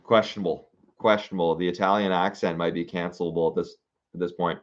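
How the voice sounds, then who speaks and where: Low-voiced young man musing aloud, lo-fi. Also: flat delivery, fast. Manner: thinking aloud, musing and hesitant with fillers. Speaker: content creator reading viewer suggestions. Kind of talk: casual livestream-style chat.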